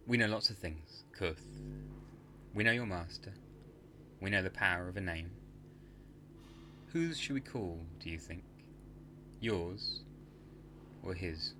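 An unseen spirit in a horror story speaks as "we", calm, measured and quietly menacing, as a male narrator puts it on. The voice is very deep and crisp. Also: slight background noise, heavily acted.

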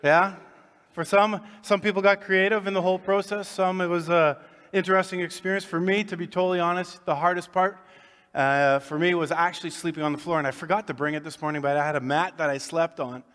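Male pastor, folksy and joking, slightly high voice, church hall reverb. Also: steady tone, fairly quick, a bit bright, smooth. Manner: folksy, joking, conversational preaching. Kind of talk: sermon. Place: church sanctuary.

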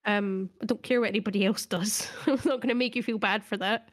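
A woman's voice: medium pitch, fairly even intonation, brisk. A woman co-hosting a casual podcast chat, talking earnestly and laughing often. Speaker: podcast co-host.

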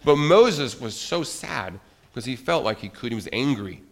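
A man leading a children's church service, telling a Bible story in an animated way, asking the kids questions and calling on them by name. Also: medium pitch, moderate pace.

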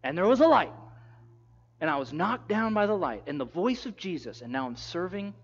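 A man preaching a sermon, retelling a story with lively, casual acted-out quotes. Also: high-pitched, normal speed, highs cut off. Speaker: pastor.

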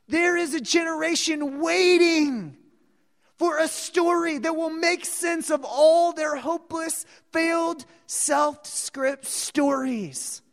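A woman's voice: extremely high pitch, slow, gravelly. A woman preaching a sermon, telling the story dramatically and acting out the voices of the people in it. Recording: long reverb of a large hall.

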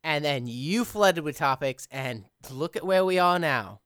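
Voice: mid-range voice, expressive, measured pace, fairly bright tone, no room sound, studio quality. A podcast host who edits the show, chatting casually in long, reflective run-on thoughts. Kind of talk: casual chat.

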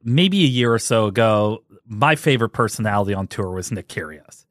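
A man's voice: lowish voice, lively intonation, a little fast, fairly bright tone, dry recording, studio quality. A man from Ohio hosting a casual podcast, jokey and laughing at his own bits. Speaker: podcast host. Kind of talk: casual chat.

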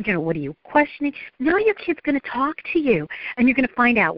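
Lively woman therapist telling parenting stories. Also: high voice, fast, hardly any pauses, no echo, dull audio. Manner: animated storyteller acting out parent and child voices. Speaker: therapist and speaker, guest. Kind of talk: interview conversation.

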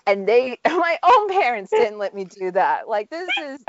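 A woman's voice: on the high side, sing-song, unhurried, muffled recording, heavy background noise. A woman in her thirties co-hosting a podcast, talking candidly in casual chat with small laughs. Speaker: podcast co-host.

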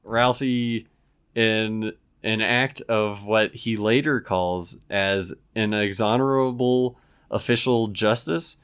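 A young man in casual chat, talking in a relaxed way and often pausing with "um" as he recounts stories. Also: fairly low pitch, clean tone. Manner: relaxed, many "um" pauses while recounting.

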